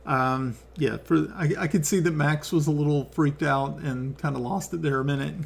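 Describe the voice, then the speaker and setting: A man narrating as game master over an online call, halting with many fillers. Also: fairly high pitch, fairly even intonation, gravelly, husky.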